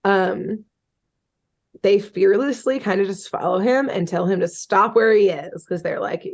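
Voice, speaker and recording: A woman hosting a podcast, talking at an ordinary middle pitch. She retells a story in a loose, chatty way, full of fillers and casual cursing. The tone stays relaxed and conversational throughout. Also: unhurried, creaky. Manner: chatty, swearing, many fillers like "um" and "like". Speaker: podcast host. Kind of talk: casual chat, retelling a cartoon episode.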